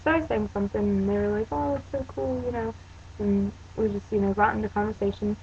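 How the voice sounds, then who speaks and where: A teenage girl from Pennsylvania rambles through her story with lots of "um" and "like", casual and unpolished. Her voice sits at an ordinary middle pitch for a girl. The video sound is dull and lo-fi, with a faint hiss underneath. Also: flat delivery, fast talker, darkish tone. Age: teens. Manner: chatty and rambling, full of "um" and "like". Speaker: vlogger.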